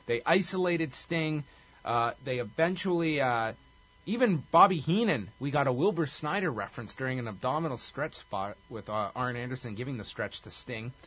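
A man's voice: a little high, fairly bright tone, breathy edge. A man hosting a casual chat, recapping events in detail. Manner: recaps events in detail, briefly acts out quotes. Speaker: podcast host.

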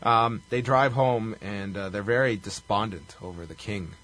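A man's voice: on the low side, moderate pace, a bit bright, a little hiss or hum. A man co-hosting a casual podcast, wryly recapping a wrestling movie with profanity and laughter. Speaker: podcast co-host.

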